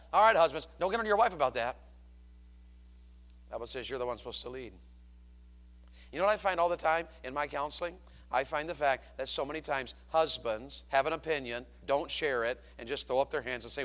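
A man preaching a sermon as a pastor, animated, swinging from loud to hushed. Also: mid-range voice, a little fast.

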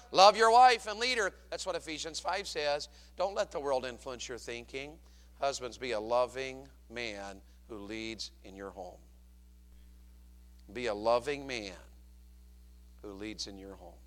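A man preaching a sermon as a pastor, animated, swinging from loud to hushed. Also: mid-range voice, unhurried.

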